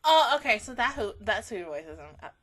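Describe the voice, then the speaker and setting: A woman hosting an anime reaction video, talking expressively and swinging between laughing, near-crying and shouting. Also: fairly high pitch, sing-song, a little fast, noisy background. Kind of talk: emotional anime reaction commentary.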